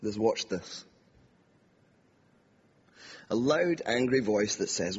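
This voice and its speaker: A husky man speaks earnestly from behind a podium and gives a reflective personal testimony. His words carry a long reverb across the hall. The recording sounds dull and lo-fi. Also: lowish voice, lively intonation, slow pace. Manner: earnest and reflective, acts out inner voices. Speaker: preacher.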